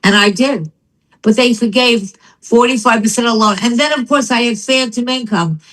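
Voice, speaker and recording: Rich: An older woman with a voice pitched a little high tells her business story as an interview guest. She talks in an emphatic, animated way, leaning hard into her punch lines. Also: moderate pace, rough recording.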